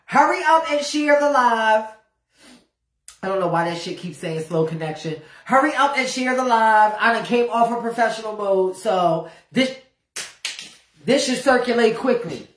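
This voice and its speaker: On a livestream, a woman with a fairly high voice and lively intonation rants brashly and profanely at a normal speed, repeating phrases again and again for emphasis. The sound is reverberant, and the talk is unscripted.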